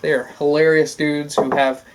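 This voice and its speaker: A man's voice: a little high, level tone, moderate pace, slight background noise. A man co-hosting a casual talk show, telling stories in a loose, profane way and laughing often. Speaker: podcast co-host. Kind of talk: casual chat.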